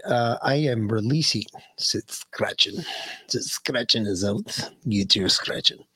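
A man's voice: mid-range voice, lively intonation, measured pace, fairly bright tone, slightly rough. A male podcast host in profane casual banter, crude and emphatic. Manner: crude, emphatic, swears a lot.

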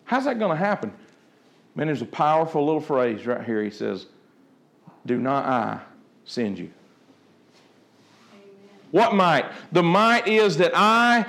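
A man preaches a sermon in a high voice. He acts out the dialogue of the story as he tells it, animated and expressive. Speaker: pastor.

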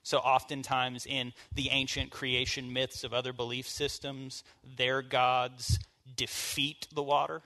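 A man's voice: mid-range voice, little pitch movement, measured pace, hardly any pauses, bright, forceful tone. A man leading a church bible study, teaching in an informal, conversational way and asking the group questions. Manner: informal, asks the group questions, casual fillers.

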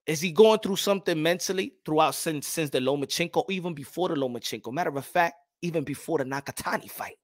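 A man hosting a boxing show, talking loud and profane, mocking critics and repeating himself. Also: on the high side, dry recording, studio quality. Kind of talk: animated boxing commentary.

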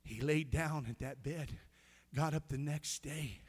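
A male pastor preaching a sermon, telling stories and swinging from hushed tones to loud, shouting climaxes. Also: fairly high pitch, fairly even intonation, measured pace. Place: church sanctuary.

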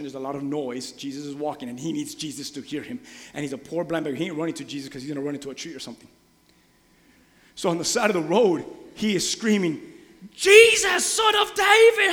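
A man preaching a sermon, animated, acting out voices and shouting the quoted lines. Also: on the high side. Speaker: pastor. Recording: long reverb of a large hall.

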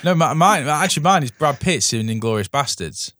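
Fast-talking guy on a podcast, stops and restarts a lot, dry sound. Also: on the high side, lively intonation, a bit bright, no echo. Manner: hesitant, many fillers and restarts. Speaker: podcast co-host. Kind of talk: casual chat.

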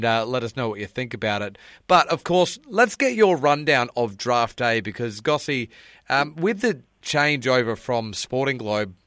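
A young man hosts a podcast with an upbeat, joking delivery and a bright, forceful voice. He sounds dry and close to the mic, with no room around him. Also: mid-range voice, clean tone, no echo. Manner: upbeat, jokey, quick asides. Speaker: podcast host. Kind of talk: casual podcast chat.

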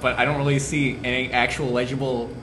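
A man's voice: medium pitch, flat delivery, fairly quick, a bit bright. A man telling a story in loose, casual podcast chat. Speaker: podcast co-host. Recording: echoey room with faint noise.

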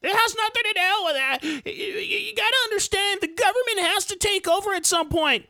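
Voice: extremely high pitch, fairly quick, bright, forceful tone, no room sound, clean studio sound. A host giving heated, emphatic political commentary, mocking opponents along the way. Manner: indignant, emphatic, mocks opponents in quoted voices.

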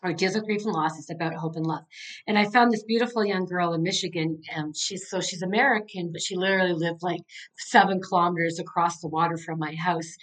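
A woman's voice: on the low side, fairly even intonation, fairly quick, fairly bright tone, poor audio. A middle-aged woman, an author and coach, talking as a podcast guest in an earnest, heartfelt way with many "like" fillers. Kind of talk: casual interview conversation.

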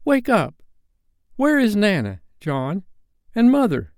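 A man's voice: fairly high pitch, huge pitch swings, fast talker, clear, resonant tone, dry recording, clean studio sound, pitched above the performer's own voice. A man voicing a sleepy little boy with a plaintive, whining way of talking.

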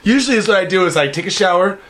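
High-voiced man telling a story, swearing. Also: expressive, very fast, a bit bright. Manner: loose, profane storytelling with laughs. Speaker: podcast co-host. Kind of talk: casual chat.

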